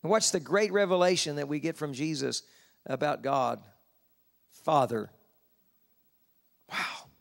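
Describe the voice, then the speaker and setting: A man preaching a sermon at a convention, slowing down for scripture and rising in pitch to stress his points. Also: vocal fry. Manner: slows down to read scripture, rises in pitch for emphasis. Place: convention hall.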